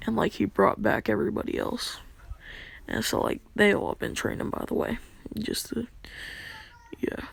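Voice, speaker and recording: Creaky rambling young woman storyteller. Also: mid-range voice, very animated, moderate pace, long pauses, no echo, in a whisper. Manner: rambling, full of "like" and fillers. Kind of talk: casual fan-fiction storytelling.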